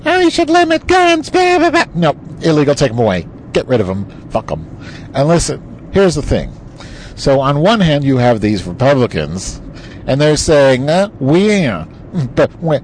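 Recorded on a device in his car as he drives, a male vlogger delivers a rambling political rant laced with profanity and heat. His voice is mid-range and a little mellow, and car noise runs in the background.

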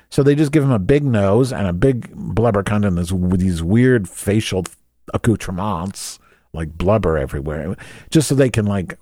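A man's voice: medium pitch, a little mellow, dry recording, studio quality. A man telling a rambling comic story, crude and sarcastic, often going off on tangents.

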